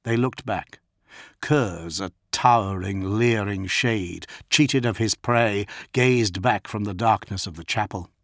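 A man giving scripted audiobook narration in a measured, dramatic storytelling manner. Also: lowish voice, a bit bright, no echo, clean studio sound.

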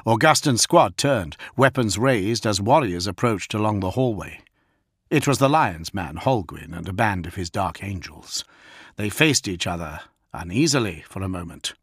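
A man narrating an audiobook in a low, steady, grave voice. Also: normal speed, husky, no room sound, clean studio sound. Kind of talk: dramatic scripted narration.

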